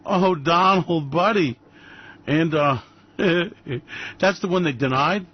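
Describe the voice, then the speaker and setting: A man hosting a radio show, ranting in mocking, brash commentary that breaks into loud bursts and laughter. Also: fairly high pitch, takes it slowly, breathy edge, dry recording, lo-fi sound. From New York.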